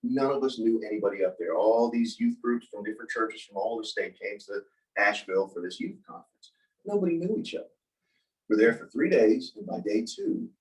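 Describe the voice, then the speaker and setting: A man telling a personal story in a casual talk, animated and acting out the voices of the people he quotes. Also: medium pitch, normal speed. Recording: voice from a distance from the mic.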